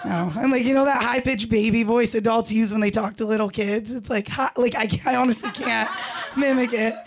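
Woman stand-up from Boston, raspy husky voice, deadpan self-mockery, club stage mic. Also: a little high, a little fast, noisy background. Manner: deadpan self-mocking delivery. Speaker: stand-up comic. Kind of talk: stand-up set.

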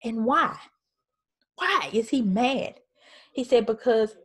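A woman's voice: fairly high pitch, animated, slow pace, pauses often, a bit bright, breathy edge. A woman teaching a casual Bible study at home, talking in a conversational, emphatic way and reading scripture aloud.

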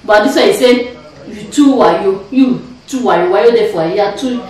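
A woman's voice: mid-range voice, normal speed, a little mellow, recorded from a distance. A woman with a Nigerian accent, chatting and teasing in a casual family vlog, laughing often. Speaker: vlog host, mother. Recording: echoey room, off-mic.

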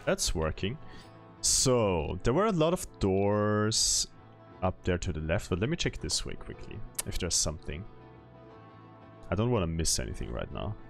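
A man's voice: low-pitched, big pitch swings, normal speed, gravelly, faint music behind. A man streaming a video game, chatting casually with viewers and laughing often as he plays. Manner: chatty, reads chat aloud, laughs often. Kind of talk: casual gameplay commentary.

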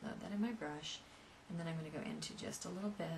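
Woman, painting instructor, chatty step-by-step talk, gravelly, background noise. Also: lowish voice, quick pace. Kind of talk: painting tutorial.

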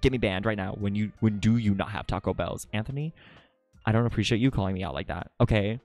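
A man's voice: fast, a little mellow, no room sound, soft background music. A man streaming live and chatting casually with his viewers in a playful, dramatic way, from his room at home. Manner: playful, dramatic, swings to high squeaky jokes. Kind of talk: casual livestream chat with viewers.

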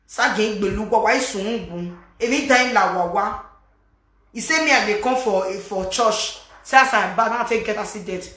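A woman vlogger with a Nigerian Pidgin accent, gossiping and scolding in animated casual commentary, mixing Pidgin with a local language. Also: mid-range voice, normal speed, roomy sound.

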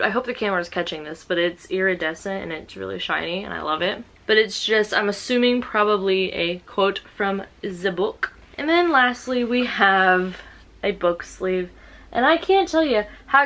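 A young woman from the United States talks through her book haul and her day in a loose, chatty vlog. Her voice is bright and forward, her tone excitable, and she keeps breaking in with self-mocking asides. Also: mid-range voice. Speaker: book vlogger. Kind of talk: casual vlog chat.

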